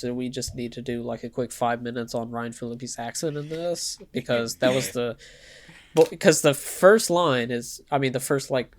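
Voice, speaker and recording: Wry man in casual film chat. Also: mid-range voice. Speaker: podcast co-host.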